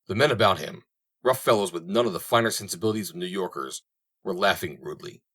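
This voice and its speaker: A man reading a western novel aloud in a steady, storytelling manner. His voice is deep and low-pitched, with measured, even delivery through the action. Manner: steady storytelling, voicing each character. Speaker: audiobook narrator. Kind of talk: audiobook narration.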